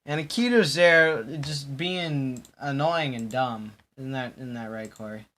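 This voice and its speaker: A man's voice: medium pitch, a little slow, fairly bright tone, a little hiss or hum. A young man hosting a casual chat stream, rambling and joking, often breaking into laughter. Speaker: stream host.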